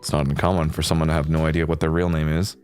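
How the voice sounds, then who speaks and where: A man voicing a composed adult male doctor who speaks in a calm, measured, polite way. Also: extremely low pitch, soft background music, voice pushed down.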